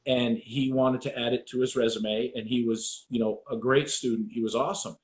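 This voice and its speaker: Animated American man telling stories. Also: medium pitch, normal speed, slight background noise. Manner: animated storyteller, acts out quotes, swears. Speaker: podcast host. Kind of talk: casual interview talk.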